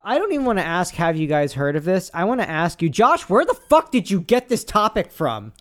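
A man's voice: sits high, big pitch swings, fairly quick, a bit bright. A man co-hosting a casual podcast, rambling and swearing as he reads posts aloud with asides. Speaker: podcast co-host.

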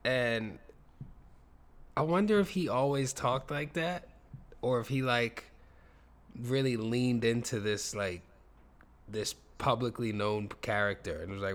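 A man in casual chat, animated and slangy, laughing often. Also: medium pitch, slow pace, long pauses.

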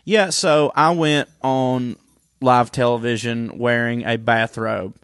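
A man's voice: medium pitch, fairly even intonation, slow pace, fairly bright tone, smooth, no echo, studio quality. A young man, co-hosting a podcast and telling rambling stories in casual chat, swearing freely. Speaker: podcast co-host.

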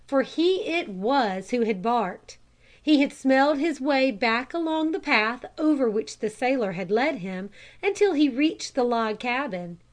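A woman reading a children's storybook aloud in a calm, measured narration. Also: high voice. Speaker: audiobook reader.

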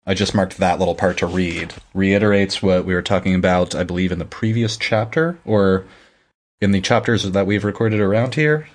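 A man's voice: deep voice, normal speed. A man casually recapping book chapters on a podcast, rambling and correcting himself as he goes. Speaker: podcast co-host.

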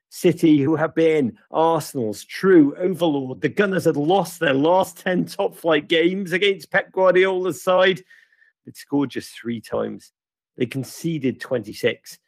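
Husky-voiced sardonic football show host. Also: male voice, on the high side, dry recording. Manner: sardonic, theatrical, wry. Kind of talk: scripted match-review monologue.

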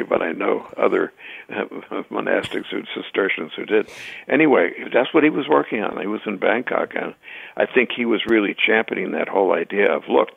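Gravelly low man on a tinny line. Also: no room sound. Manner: hesitant, many fillers and restarts. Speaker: guest. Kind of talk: conversational interview.

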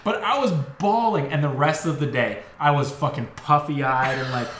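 A man's voice: a little high, normal speed. Swearing young man telling a story. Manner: animated storyteller, swears often, mimics voices. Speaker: podcast co-host. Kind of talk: casual chat. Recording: roomy room with faint noise.

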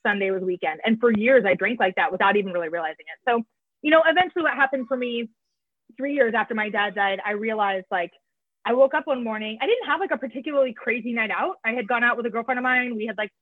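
A woman's voice: on the high side, quick pace, no room sound. A woman guest telling her recovery story frankly, with lots of casual filler and swearing, over a call. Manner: frank, profane, fillers of "like" and "you know". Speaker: podcast guest, author in recovery. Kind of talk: candid conversational storytelling. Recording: tinny phone line, dry.

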